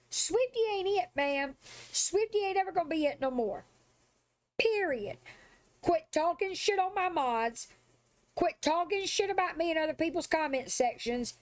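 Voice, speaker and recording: A woman livestreaming, ranting angrily and profanely at a critic in a sassy, confrontational way. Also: extremely high pitch. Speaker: live streamer. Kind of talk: angry livestream rant.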